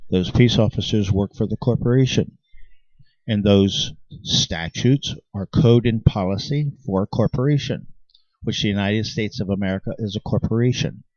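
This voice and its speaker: A man's voice: on the low side, normal speed, darkish tone, no room sound. A man delivering an impassioned, insistent monologue to his viewers, often restarting his sentences. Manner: emphatic and insistent, with frequent restarts. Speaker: channel host. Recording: dry, dull lo-fi sound.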